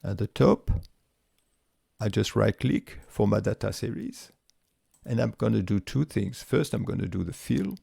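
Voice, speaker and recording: A man with a voice walking through a spreadsheet tutorial step by step, relaxed, with frequent fillers and restarts. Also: on the low side, a little slow, gravelly, breathy edge, no room sound, clean studio sound. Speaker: tutorial presenter. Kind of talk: screen-recorded software tutorial.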